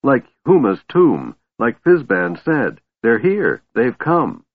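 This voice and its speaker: A man voicing an excitable young male kender with a shrill, chattering voice, reading a storybook. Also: breathy edge. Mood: excited. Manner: babbling, quick to excitement. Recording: tinny phone-like sound, dry.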